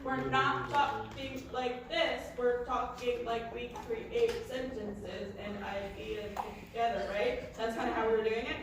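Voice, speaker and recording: A woman leading a large band rehearsal, giving lively instructions and singing phrases to demonstrate. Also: a little high, a little slow, hardly any pauses. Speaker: band conductor. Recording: echoey room from far off, with noise.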